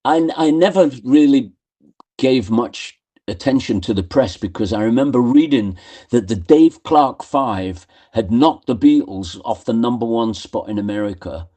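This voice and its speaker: A man's voice: mid-range voice, expressive, a little slow, dark tone. An older man, a musician guest on a radio show, telling anecdotes in a chatty way and acting out what others said. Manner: chatty anecdotal storyteller, acts out quotes. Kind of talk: radio interview storytelling. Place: radio studio.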